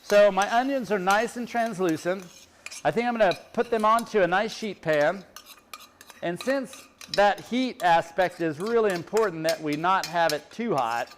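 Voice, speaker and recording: Chatty high-voiced man demonstrating cooking. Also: normal speed, slight background noise. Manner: chatty, explains as he works. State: teary from onions. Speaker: chef.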